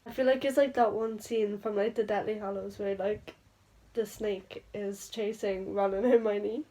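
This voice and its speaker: A young woman talking through her reading in a casual vlog, gushing and excitable. She fills her sentences with "like" and rushes from one reaction to the next. Her pitch sits in a middling range. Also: poor audio. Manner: gushing, excitable, filler-heavy chatter. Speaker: book vlogger. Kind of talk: casual reading vlog with read-aloud passages.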